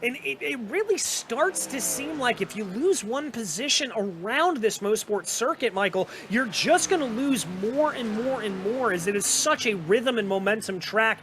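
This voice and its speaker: A man with a slight Southern US accent giving fast, energetic play-by-play commentary on a sim race. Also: very high-pitched, noisy background.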